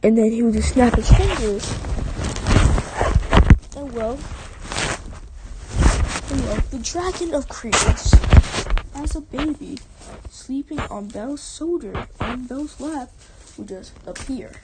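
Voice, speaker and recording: High-voiced woman rambling through a story. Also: lively intonation, slow pace, pauses often, heavy background noise. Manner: rambling, with frequent restarts and self-corrections. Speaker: fan story narrator. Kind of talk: unscripted story narration.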